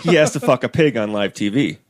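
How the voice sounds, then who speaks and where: A man's voice: medium pitch, expressive, fairly quick, no room sound, clean studio sound. A man co-hosting a casual podcast, telling a story in a rambling way with stumbles and fillers.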